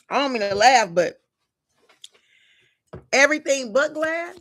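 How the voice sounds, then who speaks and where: A woman's voice: high-pitched, expressive, a little slow, long pauses, fairly bright tone. A woman giving a live collective tarot reading, talking casually and directly to her viewers with slang and frequent chatty asides. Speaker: tarot reader.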